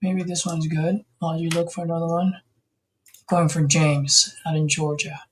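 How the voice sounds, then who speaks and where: A man's voice: a little high, little pitch movement, moderate pace, a bit bright, husky. Easygoing man making casual sales calls. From California. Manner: easygoing, friendly, casual phone patter. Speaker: host, real estate investor calling sellers. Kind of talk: casual live call session.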